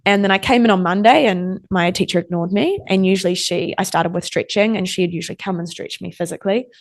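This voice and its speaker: A young woman with a lowish voice talks fast as a guest in a casual interview. Her stories come out loose and chatty, packed with fillers and lots of "like," and she acts out the exchanges people had with her.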